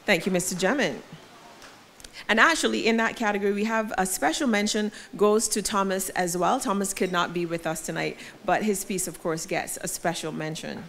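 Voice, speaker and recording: A woman presents at an awards ceremony, reading out categories and entrants in a formal announcer's manner. Her pitch sits mid-range, and she leans into each winner's name with rising emphasis. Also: moderate pace, vocal fry, a bit bright, slight background noise.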